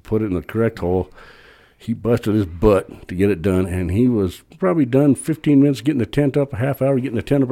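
A middle-aged man, a podcast guest, telling a long rambling story in a casual, animated way with frequent restarts. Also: on the low side.

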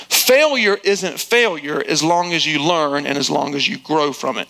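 A male pastor preaching a sermon with emphasis, slowing down to land his key lines. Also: gravelly, bright, forceful tone, low-quality recording. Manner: acts out quotes in a high squealing voice.

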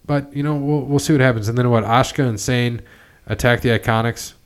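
A man's voice: mid-range voice, fairly even intonation, a little fast, clear, resonant tone. A man hosting a casual chat, rambling through a recap with lots of fillers and restarts. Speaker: podcast host.

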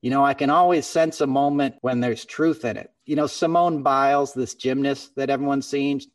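A man's voice: medium pitch, steady tone, moderate pace. Podcast host, male, earnest and impassioned, mic a little distant. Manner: earnest and impassioned, calls his co-host man and brother. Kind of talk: casual podcast chat.

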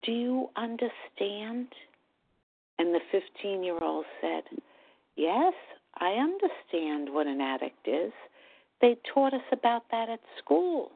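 A middle-aged woman sharing her personal recovery story at a meeting, talking in a halting, earnest way. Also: on the low side, sing-song, gravelly. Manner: slow, halting, earnest, with pauses and restarts. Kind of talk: personal testimony at a support meeting. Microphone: phone call. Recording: tinny phone line.

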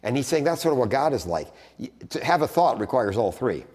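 A man giving a conversational theology lecture, restarting phrases and stressing points with sudden animated rises. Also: medium pitch, brisk, breathy edge. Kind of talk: teaching talk on theology. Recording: long hall reverb.

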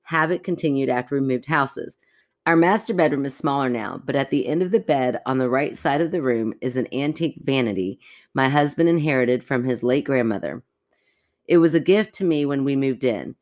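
A woman's voice: very deep voice, fairly quick. Chatty woman podcaster reading aloud. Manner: animated, chatty, interjects reactions while reading. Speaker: podcast co-host. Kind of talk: reading a listener's story aloud, casual chat.

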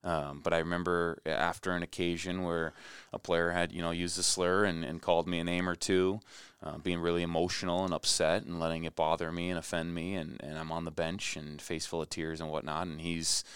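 A young man from Minnesota, a former athlete, talking as a guest in a relaxed interview with many restarts. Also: deep voice, brisk, smooth, no room sound, clean studio sound. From Minnesota, USA. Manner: animated storyteller, many restarts and fillers. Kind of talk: conversational interview.

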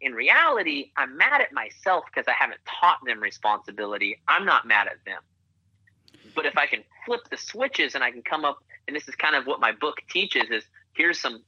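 A man's voice: mid-range voice, very animated, normal speed, bright, forceful tone, slightly rough, no echo. A man, an author and parent, talking earnestly as a guest in a podcast interview, coaching with repeated phrases. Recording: muffled lo-fi remote line.

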